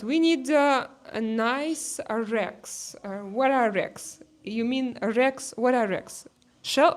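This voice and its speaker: A woman with a Russian accent chats casually on a livestream, answering viewer comments. She talks slowly and hesitantly, with many fillers and restarts, in a fairly high voice. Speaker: livestream host. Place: outdoor terrace.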